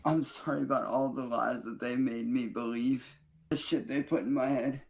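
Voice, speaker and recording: Gravelly man, mid-pitched voice, boastful and tearful video monologues. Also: steady tone, moderate pace. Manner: boastful wrestling-promo bravado and tearful declarations. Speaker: online streamer. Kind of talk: self-recorded video monologue.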